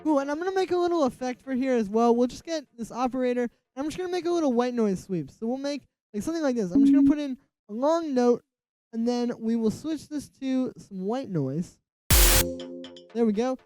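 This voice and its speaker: A man's voice: very high voice, lively intonation, brisk, no echo. A man teaching music production in a casual tutorial, rambling and filling his talk with "like". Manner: rambling, fills speech with "like". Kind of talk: casual screen-recorded tutorial. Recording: music track playing under the voice. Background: electronic music playing loudly.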